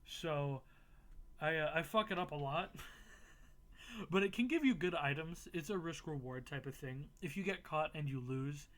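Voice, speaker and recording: A man's voice: on the high side, lively intonation, normal speed. A young man casually recapping a game playthrough, swearing freely and laughing at himself. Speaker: gaming YouTuber.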